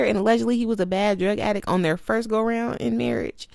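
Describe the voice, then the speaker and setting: A woman's voice: a little high, expressive, fast talker, gravelly, a little mellow, no room sound, clean studio sound. A young woman giving a sassy, emphatic casual commentary as she reviews a documentary.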